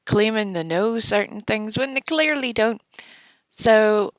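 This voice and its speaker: Woman streamer, unhurried giggly ramble, dry close sound. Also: mid-range voice, no echo. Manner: rambling, giggly, many fillers. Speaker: livestream host. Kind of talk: casual livestream chat. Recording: dull lo-fi stream audio, dry.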